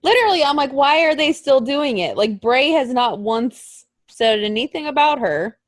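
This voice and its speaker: Chatty woman podcaster, higher voice. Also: normal speed, dry recording, studio quality. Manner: animated, swearing, acts out quotes in higher voices. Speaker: podcast co-host. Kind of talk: casual wrestling podcast chat.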